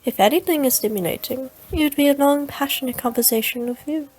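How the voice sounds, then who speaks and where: A woman voicing a scheming, flirtatious woman priestess in a put-on foreign accent, slow and purring, while reading a game's story aloud. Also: high voice, darkish tone, natural voice, poor audio. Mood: sultry.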